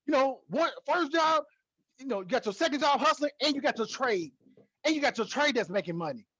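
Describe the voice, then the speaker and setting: Excitable high-voiced man hyping trading. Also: a little fast, husky, no room sound, muffled recording. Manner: excitable, repetitive, hypes the viewer. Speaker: trading educator. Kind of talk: casual teaching talk to camera.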